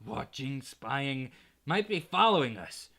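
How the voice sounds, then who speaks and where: A man's voice: sits high, big pitch swings, measured pace, voice pushed up, exaggerated voice. A man voicing a blustering, bullying middle-aged uncle who snaps and bellows, reading aloud from a storybook. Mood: nervous scheming. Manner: loud, snapping, bellowing.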